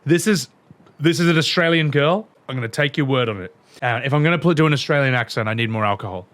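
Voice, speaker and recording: A young man streaming a game, reacting casually. He gets excited, laughs and swears as he plays. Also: medium pitch, fast talker, soft background music.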